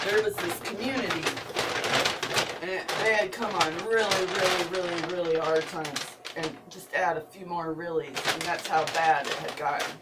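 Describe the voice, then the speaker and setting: A woman's voice: lowish voice, moderate pace. A woman with a Midwestern accent rambles through a folksy story on her home vlog. She drifts off topic, laughs often and drawls her words. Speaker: vlogger. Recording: distant mic, faint background noise.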